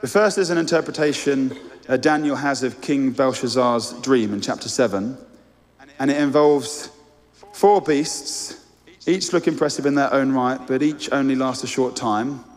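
A man's voice: medium pitch, normal speed. A man preaching a sermon, earnest and direct, speaking straight to his listeners. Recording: long hall reverb.

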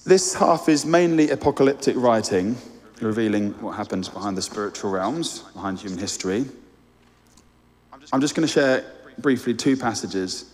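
A man's voice: fairly low pitch, lively intonation, moderate pace, a little mellow. Earnest male preacher in a reverberant hall. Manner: earnest, direct, addresses listeners as you. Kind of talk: sermon.

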